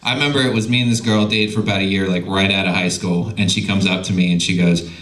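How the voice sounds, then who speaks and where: A young male stand-up comedian telling profane, animated stories on a comedy club stage into a handheld mic. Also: sits low, quick pace, crowd noise. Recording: loud noisy live club recording.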